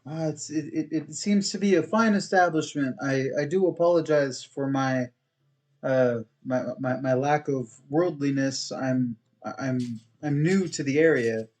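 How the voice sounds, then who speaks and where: A man's voice: medium pitch, a little slow, darkish tone. A man role-playing his character in a tabletop game, speaking hesitantly and politely, with frequent stammers. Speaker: player.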